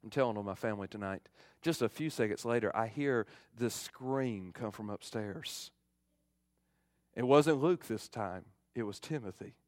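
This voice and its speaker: A man's voice: on the low side, normal speed, no room sound. Male preacher, middle-aged, fervent sermon, dry close sound. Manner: fervent, swings from loud to hushed. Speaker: pastor.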